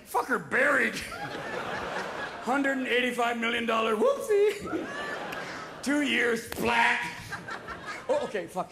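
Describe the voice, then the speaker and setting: A man performing live stand-up comedy, manic and profane, riffing rapid-fire on a big theater stage. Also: high voice, background noise. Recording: live theater recording with audience laughter.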